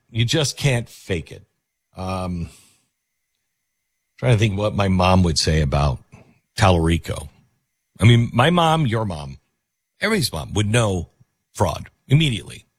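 Male talk radio host, low husky voice, sarcastic and rambling, dry studio. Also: dry recording. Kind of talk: casual talk radio monologue.

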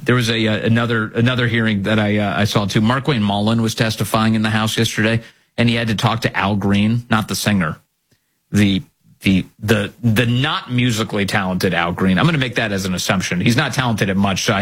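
Man, political commentary host, husky voice, sarcastic and mocking. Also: fairly low pitch, fairly bright tone. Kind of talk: commentary reading news and clips.

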